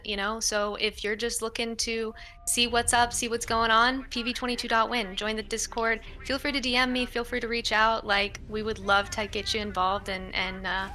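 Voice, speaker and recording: Bright-voiced woman on a call. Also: medium pitch. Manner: loose, with fillers and likes. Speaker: caller promoting an online community. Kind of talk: casual call chat.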